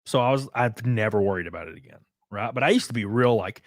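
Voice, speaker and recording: A man's voice: mid-range voice, lively intonation, fast talker, no echo, studio quality. A man with a Southern US rural accent, reading super chats on a livestream in a laid-back, drawling and profane way. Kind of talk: casual livestream chat.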